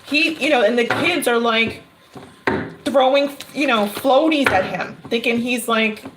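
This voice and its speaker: A woman's voice: a little high, a little slow, background noise. Chatty woman reading tarot live. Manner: chatty, laughs often, animated storytelling. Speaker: tarot reader. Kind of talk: casual livestream reading.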